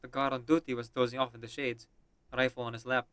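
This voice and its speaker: A man's voice: mid-range voice, level tone, fast talker, a bit bright, slight background noise. A man streaming, reading and voicing a game's story with chatty asides.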